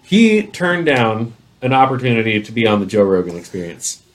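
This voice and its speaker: A man co-hosting a casual chat over drinks, telling stories in an animated way. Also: on the low side, moderate pace. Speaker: podcast co-host.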